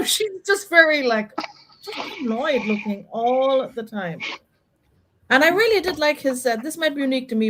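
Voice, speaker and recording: A woman's voice: high voice, fairly bright tone, poor audio. A woman hosting a casual live chat about a reality show, opinionated and chatty, with lots of fillers.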